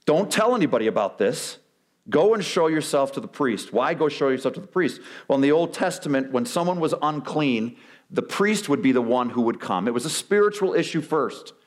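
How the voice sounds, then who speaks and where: Animated man preaching a sermon. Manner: animated preaching, acts out quoted excuses with big pitch swings. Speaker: pastor. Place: church sanctuary.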